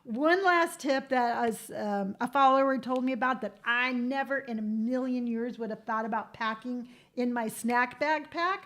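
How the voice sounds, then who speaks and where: An older woman chatting frankly to camera as a vlogger, giving tattoo advice with quick asides and playful quoted voices. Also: fairly high pitch, fairly bright tone. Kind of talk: casual chat to camera.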